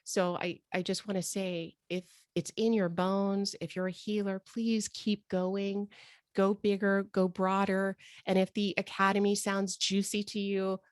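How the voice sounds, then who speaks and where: A woman hosting a live video call with her students, gushing and excitable, often breaking into exclamations. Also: medium pitch, measured pace, clean tone, dry recording. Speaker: host and healing coach.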